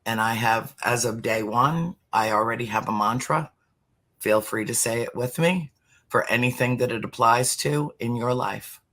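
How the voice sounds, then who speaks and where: A middle-aged speaker talking earnestly about spirituality as a podcast guest, slowing down to stress words. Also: medium pitch, a bit bright. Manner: earnest, emphatic, slows for emphasis. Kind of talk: heartfelt spiritual talk.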